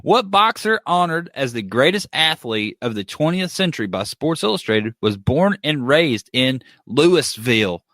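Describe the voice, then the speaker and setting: Lively joking man reading trivia. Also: medium pitch, measured pace, few pauses, dry recording, studio quality. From Kentucky. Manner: joking, reads questions aloud. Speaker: podcast co-host reading trivia. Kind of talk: casual chat.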